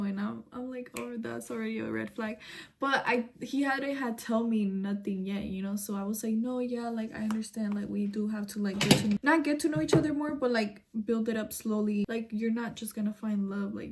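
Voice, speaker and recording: A woman's voice: on the high side, mellow. A young adult woman telling a personal story to camera in a casual vlog, with frequent "like" fillers, casual swearing and a few Spanish phrases. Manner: chatty, peppered with "like" and swearing. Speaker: vlogger.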